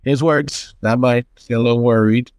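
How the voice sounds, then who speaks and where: A man with a mid-range voice tells a story on a podcast, bouncing between his own words and quick impressions of the people in it. The sound is dry and close, with no room around it. He talks casually and with energy. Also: medium pitch, no echo. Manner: animated storyteller acting out quoted people. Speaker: podcast co-host.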